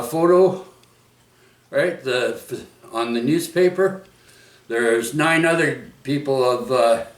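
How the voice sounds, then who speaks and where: A middle-aged man talks at an unhurried, drawn-out pace. He rambles through his stories, breaking off and tossing in little interjections. He sits back from the microphone, and the room gives his voice an echoey sound. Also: fairly high pitch, distant mic. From Vancouver, Canada. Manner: rambling, frequent restarts and interjections like "oi" and "right?". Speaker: vlogger. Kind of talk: rambling casual storytelling. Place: indoors at home. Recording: roomy echo, speaker away from mic.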